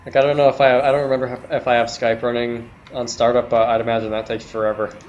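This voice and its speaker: A man's voice: mid-range voice, flat delivery, fast talker, muffled recording, a little hiss or hum. A man streaming a video game, chatting casually and commenting on his play. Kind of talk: casual chat while gaming.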